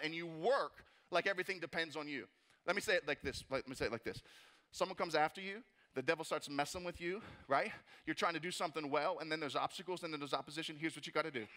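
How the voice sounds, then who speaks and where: Brief: male pastor, 30s, lively jokey sermon, high bright voice. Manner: animated, jokey, acts out mocking voices. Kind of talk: energetic sermon. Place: church auditorium.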